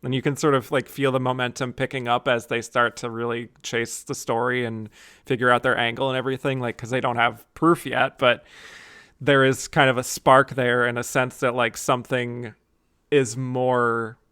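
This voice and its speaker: A man's voice: mid-range voice, level tone, normal speed, sharp tone, clear, resonant tone, no room sound. A man hosts a casual podcast talk about a film, laughing often and acting out the lines he quotes. His voice sits in a middle range and sounds dry and close, with no room around it. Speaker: podcast host.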